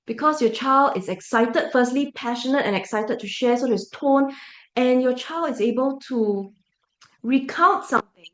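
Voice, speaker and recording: A woman's voice: high voice, roomy sound. A woman giving a parent briefing as a teacher, emphatic and full of rhetorical check-ins.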